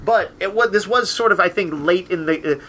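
A man talks films on a podcast, eager and rambling, full of "like" and restarts. His voice is bright and pushed forward, sitting a little high for a man. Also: a little fast, a little hiss or hum. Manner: chatty, enthusiastic, many fillers. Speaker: podcast co-host. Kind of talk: casual film discussion.

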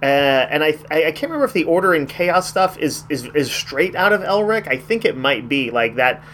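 His fairly high, fairly bright voice swings widely in pitch and runs a little fast, with a bit of hiss or hum in the audio. He's hosting a comic shop podcast, reviewing comics in casual, enthusiastic chat that rambles and hesitates.

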